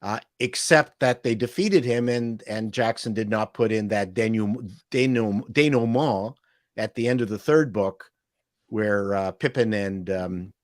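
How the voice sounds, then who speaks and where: Canadian man telling animated stories. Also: fairly low pitch, no echo, studio quality. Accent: Canadian, Toronto. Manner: storytelling, animated, quick jokes. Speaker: guest. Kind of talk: casual chat.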